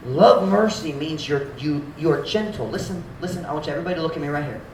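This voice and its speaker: A man who is a pastor, preaching an animated sermon that mixes English and Cebuano and acts out harsh tones of voice. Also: a little high, fast talker, roomy sound, a little hiss or hum, poor audio. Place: church sanctuary.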